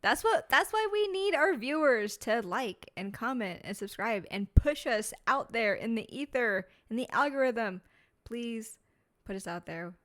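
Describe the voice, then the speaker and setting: A woman's voice: fairly high pitch, very animated, measured pace, fairly bright tone. A woman co-hosting a podcast in casual chat, laid-back with short replies. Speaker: podcast co-host.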